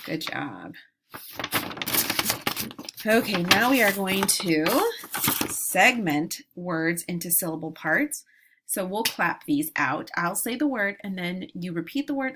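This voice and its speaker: A woman teacher leading a phonics lesson for young children, modeling each word slowly and deliberately. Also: lowish voice, expressive, noisy background.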